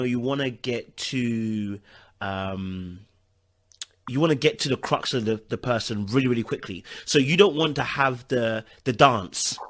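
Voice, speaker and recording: A man asking a rambling interview question, searching for words as he goes. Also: medium pitch.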